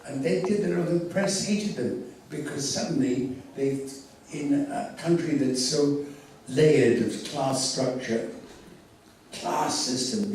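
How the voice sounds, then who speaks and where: An older man telling theatrical, animated anecdotes as a convention guest, recorded from far off in an echoey hall. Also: medium pitch, a little hiss or hum. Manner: theatrical, animated storyteller with laughs. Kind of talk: anecdotal storytelling.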